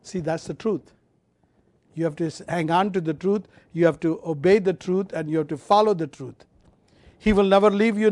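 Impassioned high-voiced male preacher. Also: dry recording. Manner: impassioned, swinging from loud emphatic to quiet low; repeats phrases, draws out key words slowly. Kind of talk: sermon.

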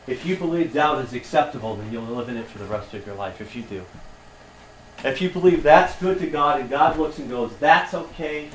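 A man's voice: medium pitch, a bit bright, a little hiss or hum. Impassioned preacher man in an echoey hall. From United States. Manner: impassioned, rising to emphatic peaks. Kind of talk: sermon. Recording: echoey room from far off.

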